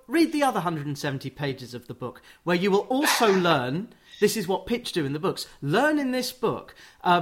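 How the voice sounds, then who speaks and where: A male radio host leads a casual interview. His voice sits somewhat high for a man, and he drops in quick, chatty asides as the guest talks. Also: a bit bright.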